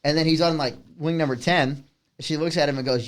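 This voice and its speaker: A man in his twenties co-hosting a podcast, retelling a bar story in animated casual chat with frequent laughs. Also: a little high, brisk, a little hiss or hum. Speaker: podcast co-host.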